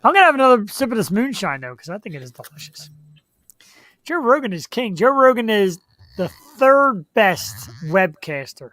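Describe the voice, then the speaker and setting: A woman's voice: mid-range voice, a bit bright. A woman hosting a live web show, chatting casually and rambling with easy laughs. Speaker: show host.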